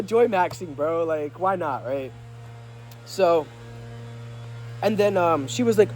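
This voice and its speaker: A man's voice: a little high, lively intonation, measured pace, long pauses, a little mellow, slight background noise. A young man telling a story in a casual vlog, slangy and full of fillers, acting out dialogue in different tones, recorded outdoors. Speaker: vlogger. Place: outdoors, rain and a passing vehicle.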